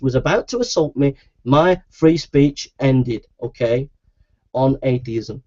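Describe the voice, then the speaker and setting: Talking directly to his webcam, this man, a Christian preacher who makes videos, insists on his grievances in a heated monologue that loops back on itself again and again. His voice is on the high side and mellow, and the webcam audio is dull and lo-fi.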